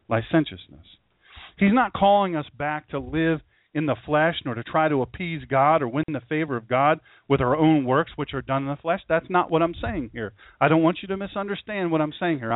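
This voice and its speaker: A man's voice: a little high, no echo. A man from Southern Delaware preaching a sermon in a folksy way, often repeating phrases and calling his listeners folks. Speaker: pastor. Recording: tinny phone-like audio.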